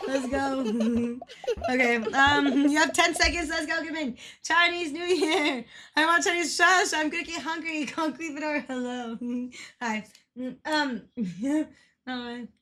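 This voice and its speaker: A woman's voice: sits high, pushed and bright, slight background noise. A woman livestreaming a game who chats casually with her viewers, greets them by name, swears freely and laughs constantly. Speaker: streamer.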